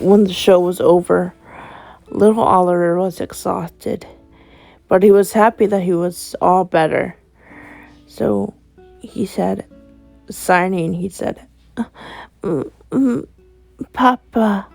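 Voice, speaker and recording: Slow gravelly woman telling a story. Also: on the low side, steady tone, warm tone, soft background music. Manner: rambling, strings events with "and then". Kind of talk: improvised storytelling.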